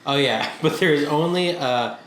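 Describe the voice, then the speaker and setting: A man's voice: measured pace, fairly bright tone. A man co-hosting a casual podcast chat, laid-back and stoned, telling stories and calling his friend bro. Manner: laid-back storyteller, says bro and dude, high. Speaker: podcast co-host. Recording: echoey room with faint noise.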